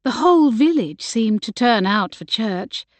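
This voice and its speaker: A woman narrating a historical romance audiobook in a gentle, measured way. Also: on the high side, lively intonation, dry recording. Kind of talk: scripted narration.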